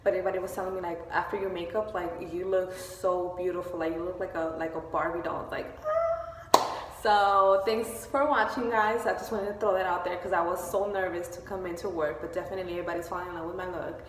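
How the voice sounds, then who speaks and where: A woman's voice: fairly low pitch, steady tone, quick pace, slight background noise. A woman beauty vlogger giving a casual, emotional update from her workplace, gushing and using many fillers. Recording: echoey, distant, faint store ambience.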